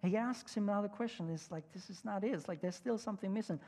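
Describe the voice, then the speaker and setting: A man's voice: sits high, fast, darkish tone. Male pastor, sermon, conversational, fillers and restarts, reverberant church. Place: church sanctuary.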